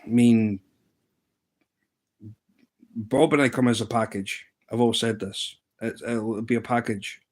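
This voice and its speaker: A man's voice: medium pitch, a little slow, pauses often. A man hosting a casual live chat stream. He tells a story with energy and acts out what others said. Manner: animated anecdote-telling, acting out what others said.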